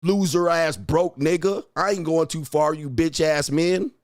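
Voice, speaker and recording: Man, livestream host, profane ranting, berating insults, fairly high voice, dry close sound. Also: a little slow, no room sound. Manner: mocking, repeats taunts. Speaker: livestream host and dating coach. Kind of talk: ranting at live chat.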